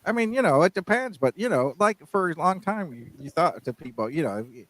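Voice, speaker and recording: A man's voice: on the high side, animated, brisk, a bit bright, poor audio. A man co-hosting a casual podcast, rambling and often restarting his sentences. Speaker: podcast co-host.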